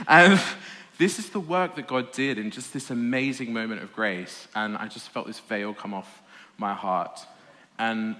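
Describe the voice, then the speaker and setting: A man giving a personal testimony talk to an audience in a hall, animated and laughing often, with a self-deprecating humour. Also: mid-range voice. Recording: reverberant hall.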